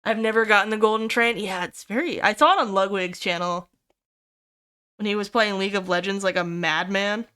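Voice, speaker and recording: A young adult woman streamer chatting casually with viewers, excitable, swearing freely and squealing over cute things. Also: medium pitch, brisk, smooth. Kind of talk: casual livestream chat with viewers.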